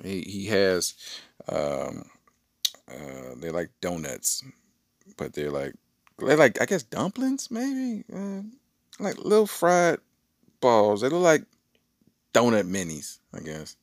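A man's voice: low-pitched, unhurried, no echo, studio quality. A middle-aged man hosting a podcast, telling a rambling story in a casual, slangy way. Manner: animated, rambling, with slangy asides. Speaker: podcast host.

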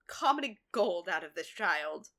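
A woman co-hosting a casual podcast, retelling a TV episode and acting out the characters' lines, sometimes yelling and swearing. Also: fairly low pitch, very animated, unhurried. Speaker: podcast co-host recapping a TV episode. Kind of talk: casual chat.

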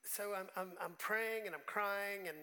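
A man's voice: sits high, moderate pace, pushed and bright, rough recording. A man preaching a sermon as pastor, talking conversationally and emotionally, often restarting his words.

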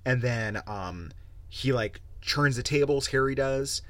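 Young guy podcasting solo, cursing a lot, rambly and animated, dead dry mic. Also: mid-range voice, takes it slowly, dry recording. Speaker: podcast host. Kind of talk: casual solo podcast rant.

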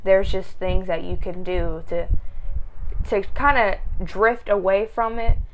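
A woman's voice: medium pitch, fairly even intonation, takes it slowly, a little hiss or hum. Young woman host, rambling advice chat. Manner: rambling, restarts, laughs easily. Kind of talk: casual advice-show chat.

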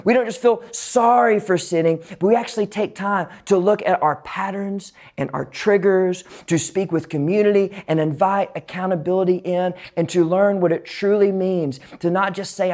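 A pastor preaching a sermon and reading scripture aloud, swinging from raised emphasis down to hushed whispers. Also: mid-range voice. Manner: reads scripture passages aloud.

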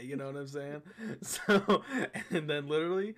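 A young man hosting a podcast, telling a story in casual chat with bursts of laughter and loud impressions of his friends. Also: fairly high pitch, moderate pace. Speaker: podcast host.

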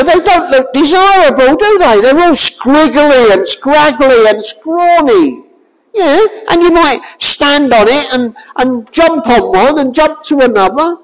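A woman preaching a sermon, expressive and full of rhetorical questions to her listeners. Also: sits high, in a large hall, poor audio.

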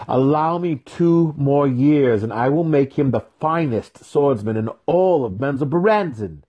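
A fierce dark elf weapon master, voiced by a man, growls his words out slow and hard. The voice is pushed well up from the reader's own, husky and mellow. A storybook fighter arguing against his queen. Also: medium pitch, lively intonation, voice pushed up. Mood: pleading fiercely. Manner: growling, emphatic, drawn-out.

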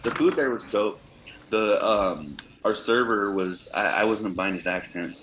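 Deep-voiced man chatting casually in echoey room. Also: unhurried, fairly bright tone. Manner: rambling, profane, many fillers and restarts. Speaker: podcast co-host. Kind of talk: casual chat. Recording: roomy echo with faint noise.

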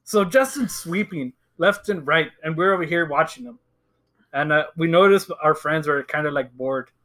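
A man's voice: fairly high pitch, normal speed. A young man co-hosting a casual podcast, telling a story with lots of laughing and acted-out quotes. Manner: animated storytelling, acts out quotes, laughs often. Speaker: podcast co-host. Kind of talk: casual chat.

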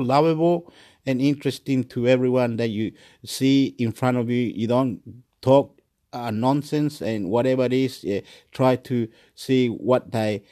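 A man's voice: medium pitch, darkish tone. Australian man, casual solo chat, rambling and repetitive, swears freely. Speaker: vlogger.

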